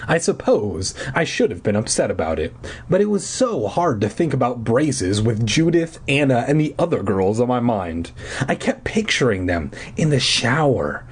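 A man reading a children's book aloud for comedy, dropping deadpan crude asides. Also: mid-range voice, normal speed, slightly rough. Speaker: reader.

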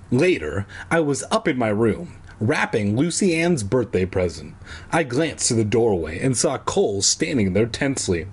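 A man's voice: mid-range voice, big pitch swings, moderate pace, slightly rough. A man from San Diego casually reading a kids' book aloud, with jokey asides and offhand swearing. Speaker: reader.

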